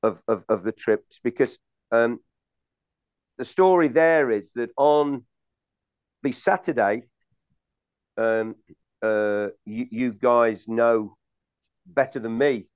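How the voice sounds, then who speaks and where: A man's voice: medium pitch, slow, pauses often, clear, resonant tone, dry recording. Hesitant man host, dry muffled sound. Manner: hesitant, many fillers. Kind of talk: casual interview.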